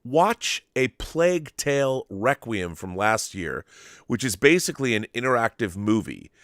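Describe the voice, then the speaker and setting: A man hosting a casual interview show, reading viewer comments aloud in a relaxed, conversational way. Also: medium pitch, unhurried, no echo, clean studio sound. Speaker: podcast host.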